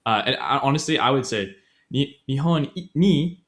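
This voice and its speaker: With a mid-range, expressive voice at normal speed, this podcast co-host wanders through a grammar explanation, correcting himself and dropping plenty of fillers. He laughs a lot, and the sound is a bit bright.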